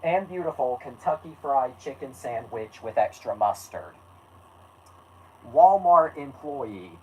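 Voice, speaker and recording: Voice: medium pitch, lively intonation, moderate pace, darkish tone, muffled recording, slight background noise. A host reading an old story aloud as a joke, with laughs and self-mocking asides. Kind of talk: comic read-aloud with asides.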